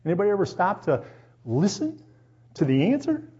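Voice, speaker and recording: This man's voice sits high and moves at a moderate pace, with the upper frequencies cut off in the audio. Standing before a church hall congregation, he animatedly tells stories from his own life and puts question after question to the crowd.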